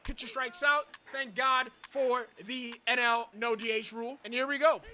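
A young man giving excitable commentary over his own baseball video game, chatting to viewers and shouting and groaning at each play. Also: very high-pitched, normal speed. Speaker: gaming channel host. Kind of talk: live gameplay commentary.

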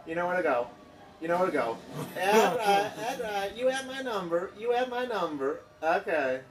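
A man's voice: high voice, sing-song, normal speed, far from the mic, over a noisy crowd, poor audio. A man voicing a ditzy tanned young man in a mock Quebec accent, with a breezy valley-speak drawl, improvising over game footage. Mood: giddy.

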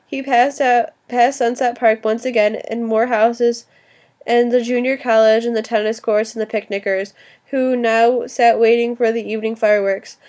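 A woman narrating an audiobook in an even, steady reading voice. Her pitch sits somewhat high, but the tone is dark and mellow. She now and then restarts a word. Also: moderate pace. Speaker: audiobook reader.

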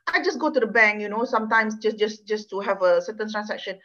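A woman's voice: mid-range voice, fast, a bit bright. Earnest Malaysian woman lecturing on law. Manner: earnest, emotional, repeats words, non-native phrasing. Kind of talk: university lecture with personal story. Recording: dull lo-fi sound.

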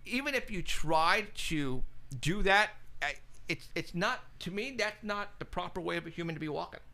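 A radio show host telling an excited, casual story, acting out both sides of a phone call. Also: male voice, high voice, moderate pace, gravelly. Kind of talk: casual chat. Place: studio, live stream.

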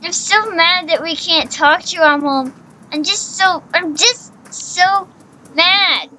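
A woman's voice: extremely high pitch, slow pace, sharp tone, rough recording. A woman giving casual commentary over a video game, rambling, repeating herself and talking to the character on screen. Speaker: gaming channel host.

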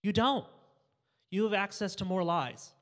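In a church sanctuary echoing with hall reverb, a young pastor with a high, lively voice preaches unhurriedly. His sermon features funny family stories in which he acts out the conversations.

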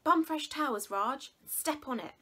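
A woman's voice: mid-range voice, big pitch swings, moderate pace, fairly bright tone, breathy edge, full character voice. A woman voicing a polite, eager young schoolboy with a raised, eager delivery.

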